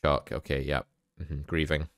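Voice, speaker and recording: A man with a Scottish accent hosting a podcast, talking in a flat, monotone way with dry, deadpan humor. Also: very deep voice, a little slow. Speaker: podcast host. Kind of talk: casual chat.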